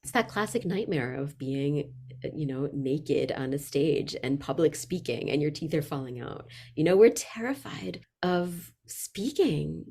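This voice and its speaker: A woman vocalist and voice workshop leader talking in an interview, expressive and shifting freely in loudness and pace. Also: low-pitched, a little slow, creaky, slightly rough. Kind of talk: reflective interview conversation.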